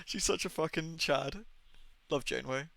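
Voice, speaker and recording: Bright, chatty young man streaming. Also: fairly high pitch, moderate pace, creaky. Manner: chatty, swears often, laughs a lot. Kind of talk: casual livestream chat.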